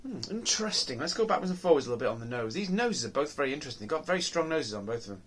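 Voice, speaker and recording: A man's voice: fairly high pitch, very animated, rapid-fire, a bit bright. Rambling man reviewing beer. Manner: rambling, musing, lots of ums and restarts. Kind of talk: casual review monologue.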